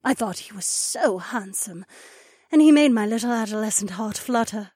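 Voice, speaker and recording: A man voicing a poised young she-wolf duchess in an audiobook, gentle and reminiscing. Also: high-pitched, animated, moderate pace, husky, no echo, clean studio sound, pitched above the performer's own voice. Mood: amused. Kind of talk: audiobook character voice.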